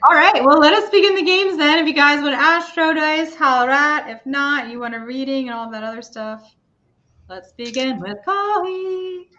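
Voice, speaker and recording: A woman who is a spiritual reader and stream host leads a guided meditation and tarot reading livestream, gentle and rambling, casual yet soothing in her guidance. Her voice sits high and her pace is brisk. The stream audio is dull and lo-fi.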